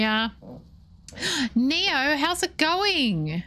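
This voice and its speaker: A woman's voice: high voice, big pitch swings, slow, long pauses, fairly bright tone. Playful Australian woman streaming a game. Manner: chatty and playful, chatting with viewers. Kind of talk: casual gameplay commentary.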